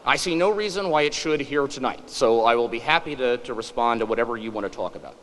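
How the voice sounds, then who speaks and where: A man's voice: medium pitch, lively intonation, fast talker, fairly bright tone, long reverb tail, poor audio. A man in his forties giving a humorous public lecture, wry and self-deprecating. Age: 40s.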